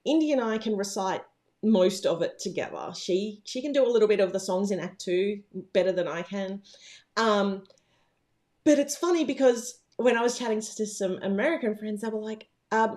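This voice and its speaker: A bubbly woman rambles through a relaxed livestream from her home, answering viewers between fillers and tangents. Her voice sits at an ordinary middle pitch, chatty and unhurried. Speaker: livestream host, planner business owner. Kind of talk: casual livestream chat.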